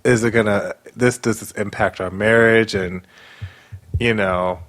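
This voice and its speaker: A man's voice: on the low side, a little slow. A man co-hosting a podcast, casually recapping a reality show and acting out the quotes. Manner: animated retelling with acted-out quotes. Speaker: podcast co-host.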